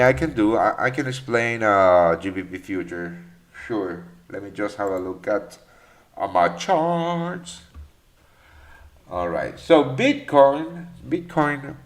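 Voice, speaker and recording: A man hosting a live trading session, explaining charts and answering viewers with many fillers and restarts. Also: lowish voice. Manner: rambling, lots of fillers and restarts, calls viewers mate. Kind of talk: live market commentary and Q&A.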